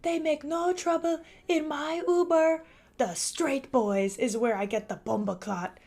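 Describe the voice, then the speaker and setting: A woman putting on the voice of an angry old Jamaican man who yells, with a Jamaican accent. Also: high-pitched, steady tone, unhurried, voice pushed up. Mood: angry yelling. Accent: put-on Jamaican. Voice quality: loud, yelling. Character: angry old male Jamaican driver, yelling.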